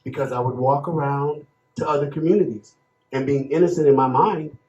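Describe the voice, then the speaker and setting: A man in his fifties from Chicago speaks with rising emotion in a preacher-like cadence, leaning hard on slow, emphatic phrases. His voice rings around a roomy hall, and the recording sounds dull and lo-fi. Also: fairly high pitch, a little mellow. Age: 50s. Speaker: panel speaker. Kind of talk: impassioned testimony. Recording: echoey room, dull lo-fi sound.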